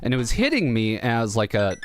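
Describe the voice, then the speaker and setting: A man's voice: medium pitch, wildly swooping pitch, a little fast. A man chatting casually and emotionally as a streamer while playing a game, rambling and breaking off mid-sentence. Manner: rambling, emotional, self-interrupting. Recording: music playing behind.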